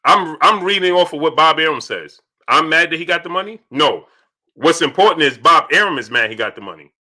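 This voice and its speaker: A young man hosting a casual live stream, reading viewer chats aloud and answering them in an animated way that repeats itself. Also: a little high, fairly quick. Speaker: livestream host reading super chats. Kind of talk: casual livestream chat.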